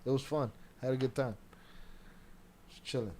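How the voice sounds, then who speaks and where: A man's voice: mid-range voice, steady tone, normal speed, darkish tone, slight background noise. A man giving loose, slangy, profane commentary as a streamer. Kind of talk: casual commentary.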